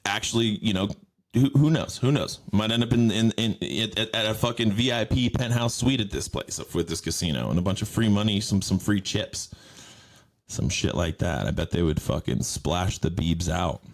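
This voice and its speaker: A man's voice: lowish voice, normal speed, vocal fry. A man hosting a podcast, riffing on news stories in a rambling, profane, mocking way. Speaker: podcast host. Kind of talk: casual news commentary.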